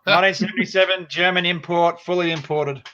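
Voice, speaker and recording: A man, a guest on a video call, laid-back and quick to laugh. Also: high voice, steady tone, bright, forceful tone, lo-fi sound, slight background noise. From Australia. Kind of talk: casual video call chat.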